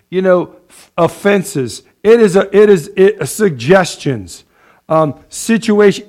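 Laughing, lively male preacher. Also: high voice, gravelly. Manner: lively, laughs often, loud bursts of praise. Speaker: pastor. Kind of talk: sermon.

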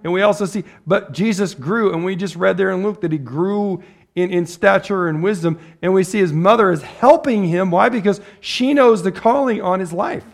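A man with a fairly high voice preaches in a loose, conversational way. He keeps asking his listeners questions and breaks into laughter as he makes his points. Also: moderate pace, vocal fry. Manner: conversational, asks the audience questions and laughs often. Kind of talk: sermon.

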